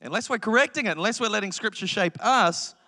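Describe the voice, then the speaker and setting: Animated young male preacher in a hall. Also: high voice, fast talker. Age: young adult. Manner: animated, joking, mimics entitled voices. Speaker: pastor. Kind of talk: sermon. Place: church hall.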